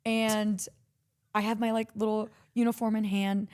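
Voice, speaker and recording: A woman's voice: mid-range voice, little pitch movement, measured pace, darkish tone, clean tone. A woman, streaming a breathless, profane story time. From Texas.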